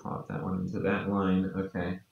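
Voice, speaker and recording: A man co-hosting a podcast works on a drawing, talking casually and muttering to himself in a low-key manner. His voice is creaky and monotone at a moderate pace, recorded distantly on a dull mic in an echoey room.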